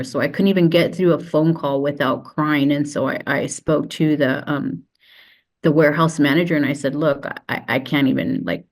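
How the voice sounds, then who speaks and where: A woman telling her own story as a podcast guest, halting and tearful, often restarting her sentences. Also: deep voice, a little mellow. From United States. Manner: halting, with many restarts and fillers. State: tearful, close to crying. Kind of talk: emotional personal testimony.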